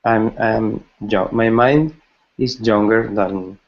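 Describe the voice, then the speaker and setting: Man, 40s, low and gravelly, slow and halting, lo-fi call. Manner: halting, many restarts and fillers. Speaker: student introducing himself. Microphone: video call. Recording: muffled lo-fi call audio.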